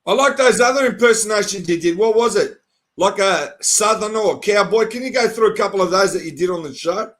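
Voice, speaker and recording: A man's voice: high voice, a little fast, fairly bright tone. A man hosting an interview, eagerly prompting questions. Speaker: interviewer host. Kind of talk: casual interview.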